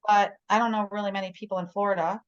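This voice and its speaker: A woman's voice: mid-range voice, steady tone, fast, lo-fi sound. A middle-aged woman, a guest realtor, chatting casually on a video call and telling stories, often checking in with "right?". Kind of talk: casual conversation.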